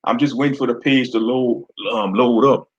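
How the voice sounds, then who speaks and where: A man's voice: mid-range voice, fairly even intonation, moderate pace, dull audio. A man hosting a casual online commentary stream, blunt and slangy, laughing often.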